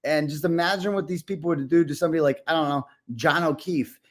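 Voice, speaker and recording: A man telling an animated story as a podcast guest, full of fillers and restarts. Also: fairly high pitch, quick pace. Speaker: podcast guest, independent reporter. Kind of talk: casual podcast conversation.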